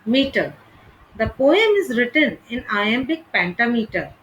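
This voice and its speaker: A woman reading a scripted literature lesson in a measured, deliberate way. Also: a little high, sing-song, a bit bright, a little hiss or hum, low-quality recording. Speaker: literature teacher.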